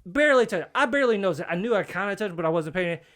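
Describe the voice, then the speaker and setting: A man telling an animated story in casual chat, acting out the voices and laughing at himself. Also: high-pitched, rapid-fire.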